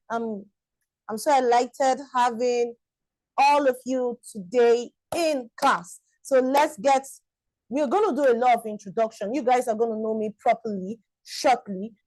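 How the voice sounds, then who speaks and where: A woman's voice: on the high side, a little mellow, no room sound, low-quality recording. A woman teaching a live-streamed online class, enthusiastic and repetitive, greeting viewers by name.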